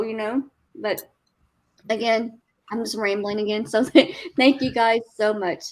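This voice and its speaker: Woman on a video call, halting and rambly, voice trailing off soft, bit higher than most. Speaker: widow sharing memories at a memorial. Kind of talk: emotional spoken tribute.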